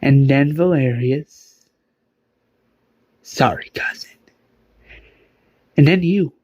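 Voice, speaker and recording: A man's voice: medium pitch, a little mellow, husky, no room sound. A man voicing a gleeful, treacherous young woman survivor who taunts her captors in a fan zombie story.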